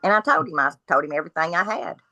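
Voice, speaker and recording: Blunt, forceful woman. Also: fairly low pitch, rapid-fire, no room sound, muffled recording. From Kentucky. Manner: blunt, animated retelling of dialogue. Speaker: guest. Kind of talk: telling her story in a podcast interview.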